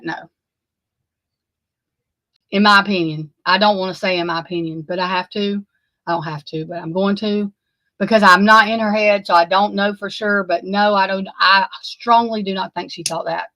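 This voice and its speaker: Woman, true crime commentator, heated, profane, repetitive, mid-pitched, dry close sound. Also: fairly even intonation, normal speed, sharp tone, dry recording, low-quality recording. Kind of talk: unscripted live commentary.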